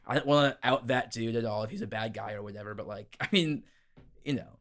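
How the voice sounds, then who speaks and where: A man's voice: medium pitch, fast, fairly bright tone, lightly acted. An actor playing a skeptical young man who rambles with lots of fillers in an improvised comedy audio drama. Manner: rambling, filler-heavy, mocking. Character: skeptical, flustered young guy, blunt and casual.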